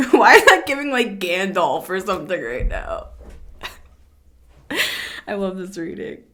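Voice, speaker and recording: A woman giving a casual, chatty tarot reading to camera, animated and quick to laugh. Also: mid-range voice. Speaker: tarot reader.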